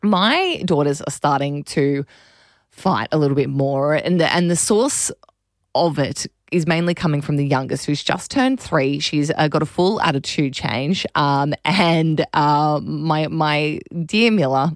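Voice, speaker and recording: A woman in her thirties with an Australian accent hosts a casual radio chat, telling stories animatedly and laughing often. Her low-pitched voice is measured in pace, captured on a studio mic in a radio studio with no echo and studio quality.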